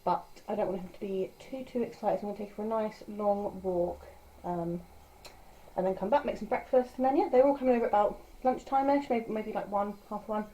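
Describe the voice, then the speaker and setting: A woman's voice: mid-range voice, fairly even intonation, a little fast, dark tone, dull audio. A young woman chatting casually to camera in a vlog, rambling with filler words. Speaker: vlogger.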